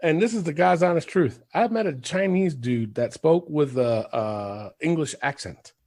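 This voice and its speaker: Man, high voice, gravelly fry, rambling casual podcast chat, swears, laughs. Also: lively intonation, moderate pace, darkish tone. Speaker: podcast co-host.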